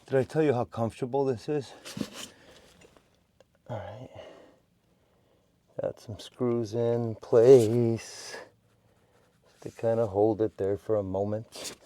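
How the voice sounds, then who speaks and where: A man's voice: mid-range voice, steady tone, measured pace, dark tone. A man narrating a do-it-yourself video from a cramped crawl space, chatty and joking with viewers while breathing heavily from the work. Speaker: DIY vlogger. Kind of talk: casual how-to vlog narration.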